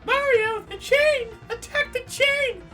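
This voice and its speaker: A man voicing a young princess in peril in a high falsetto, crying out to the hero. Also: slow pace, bright, forceful tone, soft background music, heavily acted. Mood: urgent.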